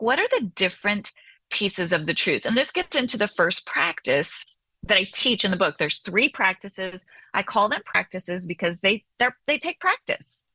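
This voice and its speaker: A woman's voice: medium pitch, pushed and bright, dry recording. A woman therapist and author being interviewed on the radio, explaining animatedly and often checking in with "right?".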